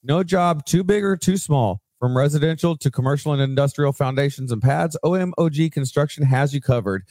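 A man's voice: on the high side, brisk, a little mellow, no echo, clean studio sound. A man co-hosting a podcast, reading sponsor plugs and chatting casually with asides and swearing. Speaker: podcast co-host.

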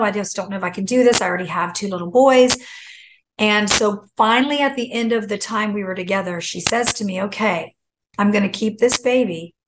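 A middle-aged woman telling a long personal story as a guest, animated and acting out the voices she quotes. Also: mid-range voice, a little hiss or hum, poor audio. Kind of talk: casual storytelling.

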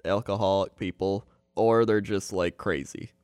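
A man's voice: sits low, fairly even intonation, unhurried, darkish tone, clear, resonant tone, no echo, clean studio sound. A young man who makes videos, chatting in a laid-back way and laughing easily. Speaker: YouTuber co-host. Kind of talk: casual chat.

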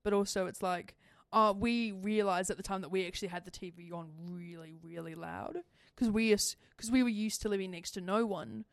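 A woman's voice: medium pitch, fairly even intonation, a little fast, vocal fry, hardly any pauses, no room sound. A young woman co-hosting a podcast, chatting casually in a rambling way and laughing often. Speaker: podcast co-host. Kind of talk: casual chat.

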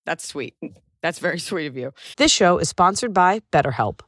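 A woman's voice: fairly low pitch, expressive, moderate pace, fairly bright tone, no room sound, clean studio sound. A young woman hosting a podcast, chatty and wry, also reading an ad. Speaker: podcast host. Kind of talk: casual chat and read ad.

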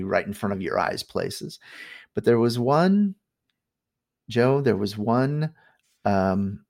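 A middle-aged man casually telling a spooky family story on a podcast, animated and full of fillers. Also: on the low side, vocal fry. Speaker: guest storyteller.

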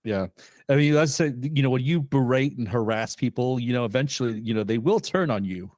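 A man's voice: medium pitch, expressive, fairly quick, a little mellow, no room sound. Laid back guy chatting about a movie, dry close mic. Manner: laid-back, agreeable, adds short comments. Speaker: podcast co-host. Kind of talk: casual movie chat.

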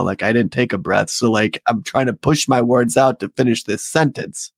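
A man's voice: medium pitch, a little slow, few pauses, no room sound. A man with an ordinary mid-range voice, co-hosting a casual podcast. He rambles and leans on lots of fillers. The sound is dry and close to the mic. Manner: rambling, filler-heavy, talkative. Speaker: podcast co-host. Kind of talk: casual political podcast chat.

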